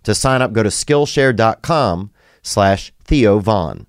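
A man's voice: fairly low pitch, expressive, slow pace, no room sound, studio quality. A man with a Southern US accent hosting a podcast, reading an ad with loose ad-libs and chatting casually. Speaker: podcast host. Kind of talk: casual chat and read ad.

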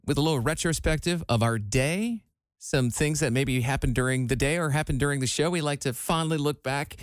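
A man's voice: a little high, fairly quick, dry recording, clean studio sound. A man co-hosting a radio show, chatting casually and teasing his co-host. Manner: teasing, playful banter. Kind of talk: casual chat.

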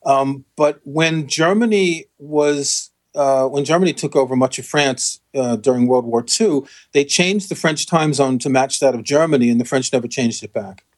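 A man co-hosts a casual chat in a mid-range voice at normal speed with few pauses. He explains facts patiently and with wry humor, using fillers and restarts along the way.

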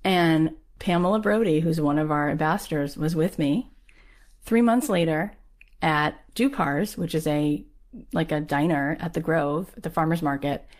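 A woman tells a personal story in a low-pitched voice. She talks in a lively, animated way and peppers her speech with "like." She slips into quick acted voices for the people she quotes.

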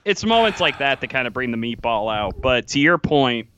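A man's voice: mid-range voice, sing-song, moderate pace, bright, forceful tone, a little hiss or hum. A man co-hosting a sports podcast, chatting casually and playfully, laughing often. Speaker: podcast co-host.

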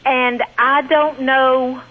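A woman with a Southern US accent calling into a radio show, chatty and quick to laugh. Her voice is breathy and a bit high, heard through a dull phone line. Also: flat delivery. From Georgia, US. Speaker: caller. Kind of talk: phone-in call.

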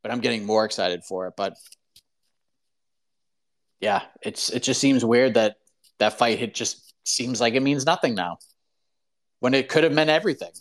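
A man hosting a live call-in show, ranting in an animated, opinionated way full of "like" fillers. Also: medium pitch, moderate pace, long pauses. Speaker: podcast host.

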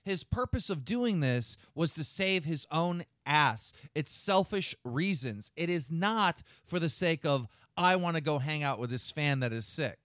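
Host, male, furious profane lecturer, slightly raised pitch, dry booth sound. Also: animated, a little slow, few pauses, a bit bright, no room sound. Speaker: show host. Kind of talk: heated podcast rant.

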